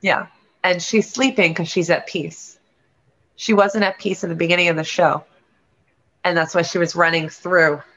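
A woman's voice: on the low side, fairly even intonation, normal speed, a bit bright. A woman, a realtor and guest on a show, telling a candid personal story in an earnest, rambling way with frequent restarts. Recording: lo-fi dull sound.

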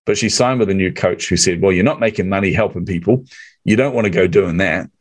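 Male podcast host, low-pitched, animated storyteller who acts out quotes; dry close-mic sound. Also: fairly quick, slightly rough, dry recording. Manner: animated storyteller acting out quotes, laughs often. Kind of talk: casual storytelling chat.

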